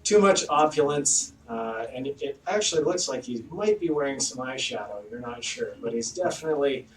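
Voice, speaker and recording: A man's voice: mid-range voice, lively intonation, a little fast. A man narrating a tabletop game as game master, in a casual manner with fillers. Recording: echoey room, distant mic, faint noise.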